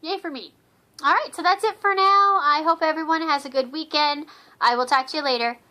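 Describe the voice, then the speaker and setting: A woman chats casually to her camera about her books, her voice sitting a little high. The tone is bright and forward. She rambles with lots of fillers and restarts, gushing with enthusiasm. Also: fairly quick. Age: adult with children. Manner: enthusiastic, repeats words for emphasis. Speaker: book vlogger. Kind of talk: casual vlog chat.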